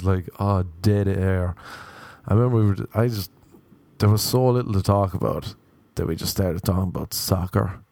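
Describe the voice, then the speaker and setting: An Irish man in his thirties rambles through jokey advice as a podcast host. His voice sits low with a gravelly fry, and the sound is mellow and dry, with no room around it. He riffs loosely and often slips into silly voices. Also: normal speed, no room sound. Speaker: podcast host and stand-up comedian. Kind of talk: casual comic advice chat.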